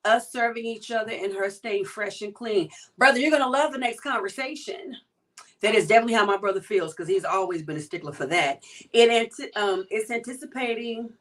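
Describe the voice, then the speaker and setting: Co-host: woman, high voice, a bit far from the mic, teasing and lively. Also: a little fast. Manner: lively, teasing, talks to the audience. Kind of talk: casual chat reading comments.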